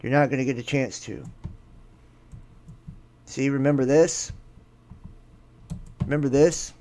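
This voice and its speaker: Slow, emphatic man narrating doomsday theories. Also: medium pitch, mellow. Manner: dramatic, mocking, slow and emphatic. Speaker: commentator on viral sky videos. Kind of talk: conspiracy commentary over clips.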